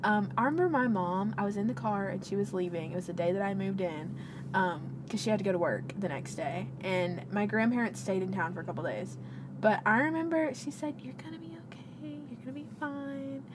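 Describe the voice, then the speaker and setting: A woman's voice: mid-range voice, fairly quick. A young woman co-hosting a podcast, chatting casually and telling stories with laughter. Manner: animated, laughing, playful storytelling. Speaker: podcast co-host. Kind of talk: casual chat. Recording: background noise.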